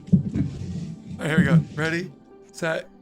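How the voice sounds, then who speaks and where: A man's voice: on the high side, level tone, slow pace, soft background music. A man hosting a tabletop game stream, chatting casually and rambling with lots of fillers. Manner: rambling, many fillers and restarts. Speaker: stream host. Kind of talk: casual pre-game chat.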